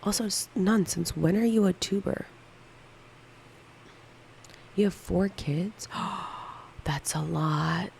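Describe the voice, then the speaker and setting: A woman in her thirties speaks in a lowish, gravelly, darkish voice at an unhurried pace, in a low-quality recording with a little hiss or hum. As a livestream co-host, she chats casually, candidly answering viewer questions one at a time.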